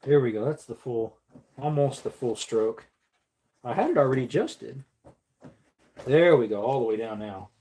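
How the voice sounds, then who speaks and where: A woman's voice: very deep voice, expressive, moderate pace, long pauses, warm tone. A woman chatting casually on a livestream while reloading ammunition, playful and laughing often. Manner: playful, laughs often, slips into silly voices.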